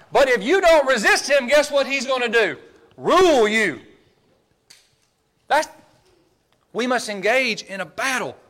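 High-voiced, emphatic male preacher. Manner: emphatic, stammering repeats, swings between loud and hushed. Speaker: pastor. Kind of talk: sermon.

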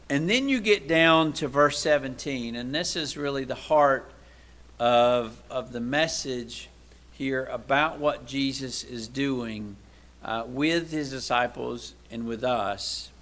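This unhurried preacher talks to his audience as if in conversation. He throws out rhetorical questions and moves back and forth between booming emphasis and hushed, low remarks.

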